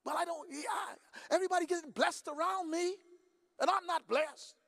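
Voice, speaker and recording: A woman's voice: very high-pitched, moderate pace, a bit bright, dry recording, studio quality, voice pushed up. A man preaching voices a distraught woman who complains that others are blessed and she is not. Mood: aggrieved. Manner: pleading, raised complaint.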